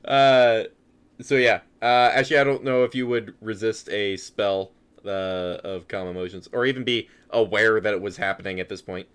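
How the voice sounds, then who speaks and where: Man running a tabletop game, somewhat low voice, relaxed, laughs often, lots of ums. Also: moderate pace, smooth. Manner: relaxed, chuckling, many fillers. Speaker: game master.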